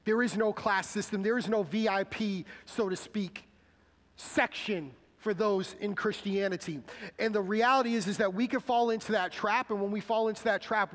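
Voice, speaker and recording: A man's voice: high voice, normal speed, a bit bright, big-room sound. A man preaching a sermon, talking conversationally and asking the congregation questions. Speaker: pastor. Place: church sanctuary.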